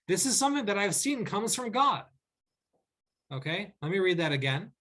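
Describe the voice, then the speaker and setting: A man, a rabbi, teaching a weekly class over a video call. He explains verses patiently, checks in with "okay?" and reads lines slowly before translating them. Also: high voice, sing-song, fairly bright tone.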